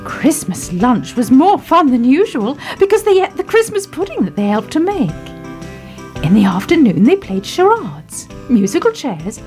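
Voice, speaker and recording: High, lively woman reading a storybook. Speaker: storybook narrator. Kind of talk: scripted children's story reading. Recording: music bed under the reading.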